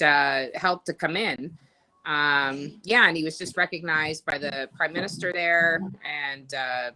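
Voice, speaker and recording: A woman's voice: low voice, sharp tone, poor audio. A woman co-hosting a casual live podcast from a party, chatty and giggly with frequent laughter. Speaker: podcast co-host. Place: at a noisy party with music.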